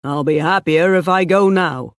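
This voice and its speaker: A woman reading the lines of a steady, honest young male shepherd, speaking calmly and plainly. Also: lowish voice, normal speed, no room sound, studio quality, lightly acted. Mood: firm. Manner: calm, firm and plain.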